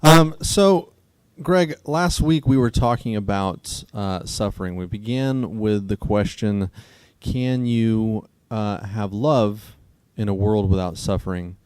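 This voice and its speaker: A man co-hosting a casual debate conversation, talking haltingly with many fillers and restarts. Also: on the low side, darkish tone, clear, resonant tone, no echo. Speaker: co-host.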